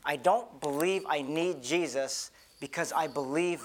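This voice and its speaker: A man's voice: a little high, unhurried, slight background noise. Candid, stammering man preaching a sermon. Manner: earnest, candid, with frequent repeated restarts. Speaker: pastor. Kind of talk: conversational sermon.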